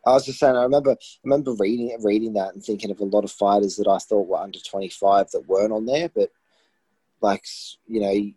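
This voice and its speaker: Give me a laid-back Australian man with a low, husky voice, chatting on a podcast call. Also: fairly even intonation, fast, warm tone, no echo, poor audio. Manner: laid-back, lots of "you know". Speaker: podcast co-host. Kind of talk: casual chat. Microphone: remote call, patchy line.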